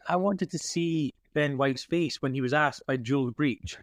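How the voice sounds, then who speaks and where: A man hosting a casual fan podcast, talking excitedly and rambling with frequent restarts. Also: fairly high pitch, moderate pace, no echo, clean studio sound. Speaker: podcast host.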